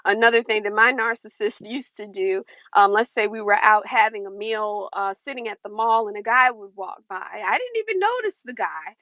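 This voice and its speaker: A woman's voice: medium pitch, animated, moderate pace, hardly any pauses, bright, forceful tone, no room sound. A woman giving casual, earnest advice to camera, warning viewers and acting out quoted lines. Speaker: advice vlogger. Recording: dull, dry lo-fi recording.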